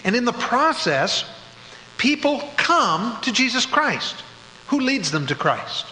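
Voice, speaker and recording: A man's voice: extremely high pitch, big pitch swings, slow pace, pushed and bright. A man teaching a church Bible study, working through his points in order and sometimes restarting a phrase. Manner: methodical, lists points, occasional restarts. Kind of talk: sermon-style Bible teaching. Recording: echoey hall with faint hum.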